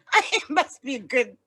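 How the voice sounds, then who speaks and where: A woman's voice: sits high, a bit bright. A woman astrologer hosting her own channel, talking casually and rambling, often breaking off mid-thought. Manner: rambling, self-interrupting. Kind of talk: casual vlog talk. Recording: clear music under the voice.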